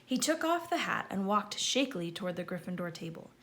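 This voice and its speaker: A woman's voice: medium pitch, fairly quick. Woman reading a storybook aloud. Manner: lively, calling out names loudly. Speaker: audiobook reader.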